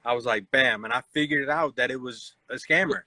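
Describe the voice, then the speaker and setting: This host, a man in his forties, talks fast in a sharp, medium-pitched voice during a casual live chat, narrating stories and imitating the people he quotes. No echo is present, but the audio quality is poor.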